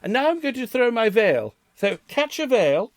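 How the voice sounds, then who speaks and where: Guy putting on a giddy young bride voice, high and sing-song, dry sound. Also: sing-song, moderate pace, dry recording. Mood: playful. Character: playful mock bride, young woman.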